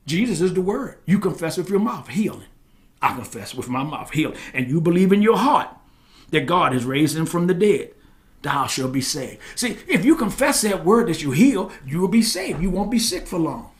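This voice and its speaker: A man preaching a sermon as pastor, swinging between loud exclamations and quiet asides and asking his listeners questions. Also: fairly high pitch.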